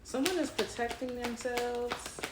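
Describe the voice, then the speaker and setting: Brooklyn woman, casual tarot reader, a bit high-pitched, phone mic in an echoey room with noise behind. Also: fairly even intonation, measured pace, distant mic. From Brooklyn, New York. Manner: chatty, laughs often, fillers. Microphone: cell phone.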